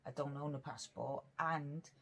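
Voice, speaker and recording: Rambling woman with a low voice. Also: fairly even intonation, measured pace, a bit bright. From Britain. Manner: rambling, chatty, earnest; eating while talking. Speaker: mukbang vlogger. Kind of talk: casual eating chat.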